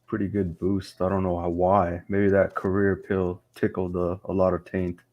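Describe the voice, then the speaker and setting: A man's voice: sits low, completely flat delivery, normal speed, a little mellow, dull audio. A man speaking as a stream guest in casual chat, hesitant and full of fillers.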